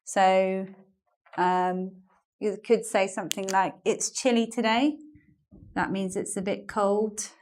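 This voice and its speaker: A woman's voice: mid-range voice, fairly even intonation, slow pace, a little mellow, slight background noise. A woman with a British English accent from England, teaching an online English lesson in a chatty way and explaining phrases with examples and asides.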